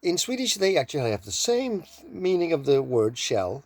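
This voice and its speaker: A man from Denmark, giving an informal language lesson and repeating words slowly to demonstrate them. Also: fairly high pitch, big pitch swings, husky, dry recording. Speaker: language teacher.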